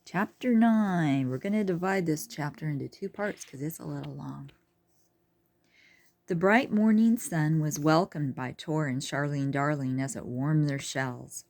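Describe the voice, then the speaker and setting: A woman reading a children's book aloud, unhurried, with chatty asides to her listeners. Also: low-pitched, darkish tone. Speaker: reader.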